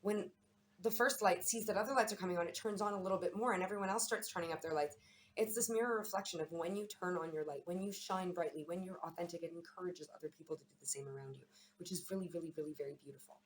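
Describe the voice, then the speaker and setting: Woman, low voice, quick chatty delivery, tarot reading, faint background hiss. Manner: chatty, warm-hearted, repeats words. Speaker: tarot and astrology reader. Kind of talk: casual reading to camera.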